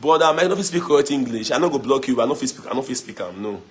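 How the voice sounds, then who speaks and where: A young Nigerian man from Edo with a local accent, talking loosely on a phone livestream, mixing in pidgin, animated and mocking with frequent laughs. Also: mid-range voice, very fast. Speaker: social media livestreamer. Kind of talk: casual livestream chat.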